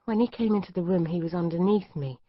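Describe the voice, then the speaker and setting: A woman's voice: on the low side, quick pace, no echo. A woman reading a thriller aloud, in tense first-person narration. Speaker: audiobook narrator. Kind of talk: scripted narration. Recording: dry, slightly dull studio.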